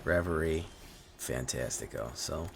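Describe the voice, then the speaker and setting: A man's voice: a bass voice, animated, a little slow, vocal fry, a little hiss or hum. A man streaming a card game, casually commenting on plays and teasing his chat in a playful way. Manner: playful, teasing, talks to viewers.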